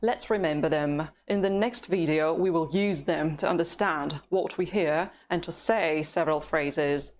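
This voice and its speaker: A woman from Russia with a Russian accent, teaching a language lesson with patient, deliberate repeat-after-me drills. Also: low voice, darkish tone, slight background noise. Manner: patient, deliberate, pauses for learners to answer.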